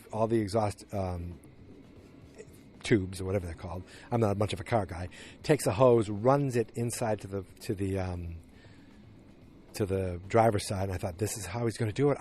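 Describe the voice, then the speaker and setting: A man hosting a podcast, casually recapping a TV episode in a rambling, animated way. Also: on the low side, a little hiss or hum. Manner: rambling, animated retelling with acted quotes. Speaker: podcast host.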